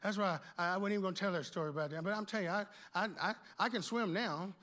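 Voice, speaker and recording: Middle-aged guy preaching hard, high bright voice, pumped up and loose, keeps calling out to the crowd. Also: fast. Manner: exuberant, animated preaching with calls to the crowd. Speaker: pastor. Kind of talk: conference sermon.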